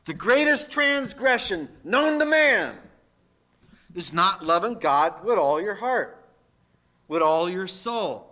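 High, bright-voiced man preaching slowly. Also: big pitch swings. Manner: folksy, emphatic preaching with jokes. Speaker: pastor. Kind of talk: sermon.

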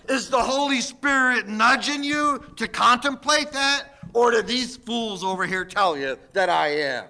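A man's voice: very high voice, expressive, moderate pace, hardly any pauses, bright, forceful tone. A man preaching a sermon, emphatic and full of rhetorical questions aimed at his listeners. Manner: slips into mocking quoted voices.

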